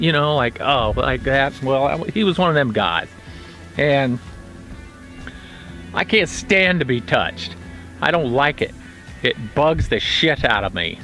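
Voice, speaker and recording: Blunt, halting middle-aged man. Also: mid-range voice, pushed and bright. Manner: plainspoken, blunt, halting with many fillers. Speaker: retired federal prison officer. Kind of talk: casual storytelling monologue.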